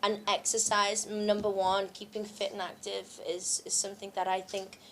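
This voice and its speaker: A woman's voice: medium pitch, flat delivery, normal speed, a bit bright, slight background noise. A young woman from the UK, an actress answering press questions at a launch, a little unwell from travel, chatty with many fillers and frequent laughs. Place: press event.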